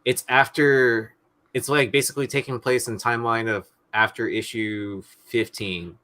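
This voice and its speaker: A man co-hosting a casual livestream chat, halting and searching for his words as he talks. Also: mid-range voice, steady tone, sharp tone.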